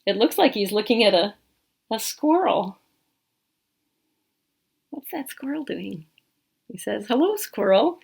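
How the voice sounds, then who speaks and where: Animated, gravelly-voiced woman reading to kids. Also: medium pitch, slow, long pauses. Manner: animated, asks children questions and counts aloud. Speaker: storytime reader. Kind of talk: interactive picture-book read-aloud for small children.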